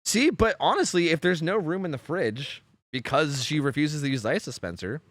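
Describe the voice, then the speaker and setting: A man's voice: on the high side, expressive, normal speed, fairly bright tone, no room sound. A young man streaming and chatting casually, rambling with lots of fillers and casual swearing. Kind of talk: casual chat on a game stream.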